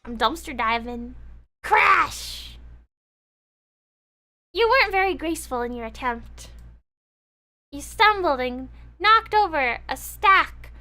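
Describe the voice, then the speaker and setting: A woman's voice: high-pitched, expressive, takes it slowly, pauses often, pushed and bright. A woman streamer reading game text aloud with dramatic, playful commentary.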